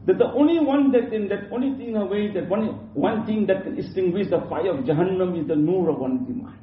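A man's voice: sits high, fairly quick. A man giving an Islamic sermon in an emphatic, repetitive way, often restarting his sentences, recorded from a distance in a prayer hall. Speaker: Islamic preacher. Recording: roomy, distant, dull lo-fi with faint hum.

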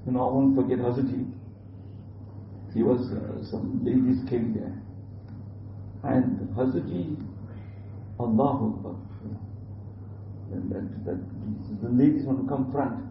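A man's voice: mid-range voice, a little slow, pauses often, slight background noise. A man giving an earnest religious sermon, repeating his points and mixing in Urdu religious terms. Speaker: preacher. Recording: distant, roomy, dull lo-fi recording.

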